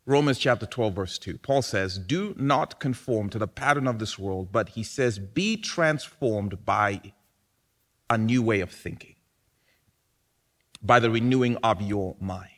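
A man preaching a sermon, animated and building to loud emphatic peaks. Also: on the low side, unhurried. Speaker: pastor.

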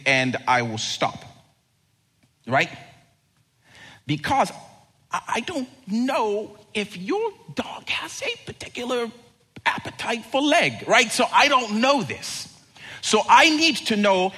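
A male pastor delivers a sermon in a relaxed, conversational way, breaking off into joking asides. His voice sits high and bright, with a husky grain. He rises and falls a lot as he speaks.

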